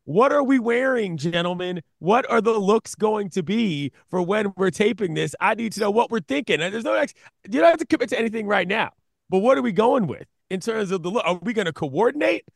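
An animated man co-hosting a podcast, with a high, lively voice that swings widely in pitch. A gravelly edge runs through his voice, and he laughs often between his lines. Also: fairly quick, dry recording, studio quality. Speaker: podcast co-host. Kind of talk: casual podcast chat.

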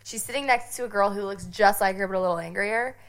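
A young woman from Nebraska tells a story to her co-host in casual podcast chat. Her voice sits at an ordinary middle pitch, and she talks in an animated, giggly way, full of "like" and laughter. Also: fast talker. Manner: animated, giggly, lots of "like" fillers.

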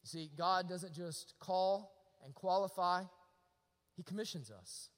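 A man, preaching a sermon that swings from loud declarations to hushed, quiet passages. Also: sits high, a little slow. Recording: long hall reverb.

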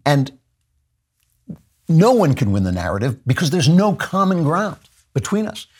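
A man's voice: a little high, very animated, measured pace, husky. A man hosting a political talk show, delivering an intense, impassioned monologue, repeating himself and stumbling over his words.

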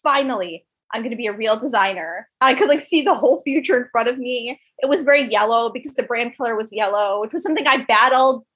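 A woman's voice: on the high side, fairly bright tone, breathy edge. A young woman, a podcast guest, telling stories in casual interview chat, full of "like" fillers. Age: young adult. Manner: fast, filler-heavy storytelling with lots of "like". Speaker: podcast guest, startup founder.

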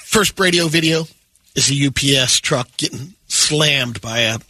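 A man's voice: mid-range voice, unhurried, sharp tone, a little hiss or hum. A man co-hosting a morning radio show, matter-of-factly describing video clips in casual studio banter.

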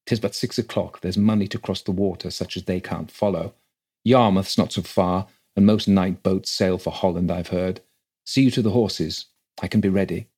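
A man's voice: low-pitched, fairly even intonation, normal speed, darkish tone, breathy edge. A man voicing a stern, scheming older mother who speaks in an urgent, commanding way.

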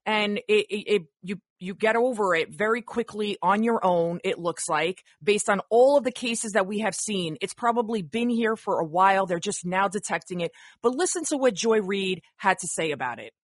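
A woman's voice: medium pitch, expressive, normal speed, few pauses, no room sound. A woman hosting a talk radio show, chatting casually with lots of fillers. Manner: chatty, uses many fillers.

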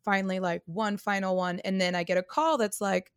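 A woman performer chatting as a guest, telling a story with lots of animation and frequent laughter. Her voice sits at a middling pitch and is recorded dry and close, with no room sound. She fills her talk with casual fillers and restarts. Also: steady tone, brisk, hardly any pauses, clean tone, no room sound.

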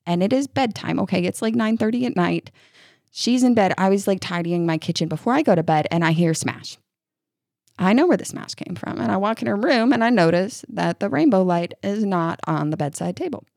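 Middle-aged woman, parenting podcast co-host, lively storyteller, mid-range voice, dry close mic. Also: medium pitch, vocal fry, no room sound. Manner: expressive storytelling with quick restarts. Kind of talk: casual chat.

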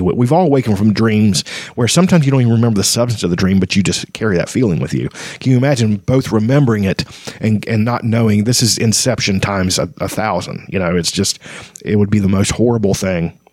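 A man's voice: lowish voice, fast, darkish tone, no echo, clean studio sound. A man hosting a casual book discussion, talking conversationally with frequent fillers and restarts.

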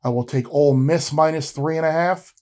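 A man with a mellow, warm voice co-hosts a casual sports podcast. He rambles in a relaxed way, restarting his sentences as he goes. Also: on the high side, a little fast. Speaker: podcast co-host.

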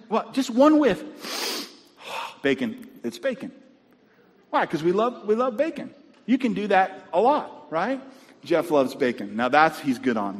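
Male pastor, fairly high voice, animated sermon delivery, long hall reverb. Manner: animated, calls out to the congregation. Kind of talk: preaching a sermon.

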